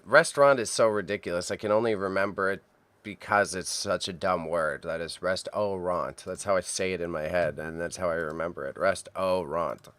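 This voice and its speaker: Low-voiced man musing while typing. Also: clear, resonant tone, no room sound. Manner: relaxed, self-mumbling, thinks aloud while typing. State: throat clearing, a bit phlegmy. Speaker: streamer and reseller. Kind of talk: casual co-working stream chat. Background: keyboard typing.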